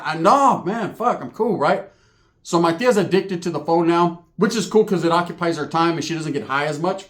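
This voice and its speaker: A young man telling a comic story about his family, profane, animated and full of slang. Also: a little high, moderate pace. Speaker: comedian storyteller.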